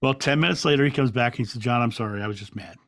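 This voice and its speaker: Calm male podcast guest with a gravelly voice, dry sound, reflective storyteller who restarts often. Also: medium pitch, racing, no room sound. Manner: calm, reflective, with frequent restarts and soft laughs. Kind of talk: relaxed storytelling in an interview.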